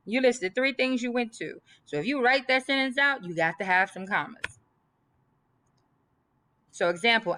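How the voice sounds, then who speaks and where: Lady teacher going over commas, bright forceful voice, real emphatic. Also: medium pitch, a little fast. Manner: emphatic, repeats list items aloud. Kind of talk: classroom grammar lesson.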